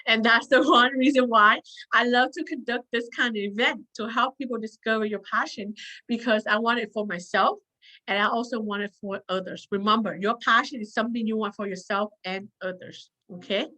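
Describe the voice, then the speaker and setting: A woman's voice: on the high side, steady tone, brisk, bright, forceful tone, low-quality recording. A woman leading a self-help workshop, earnest and repetitive, often checking in with her listeners. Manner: earnest, repeats points, checks in with "okay?". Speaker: workshop leader.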